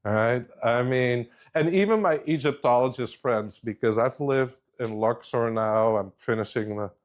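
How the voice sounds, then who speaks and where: A man's voice: mid-range voice, moderate pace. A middle-aged man telling a story in a casual, rambling way, often restarting his sentences. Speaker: guest speaker.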